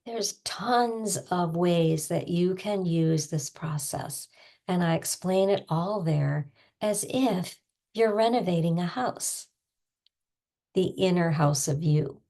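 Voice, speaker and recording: An older woman talks her listeners through a self-help tapping lesson. Her voice sits low with a gravelly edge, and she speaks slowly in a gentle, encouraging way. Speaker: tapping coach.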